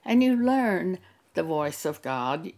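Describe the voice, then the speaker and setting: A woman preaching a sermon in a slow, measured teaching manner. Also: lowish voice, very animated, a little mellow. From Texas.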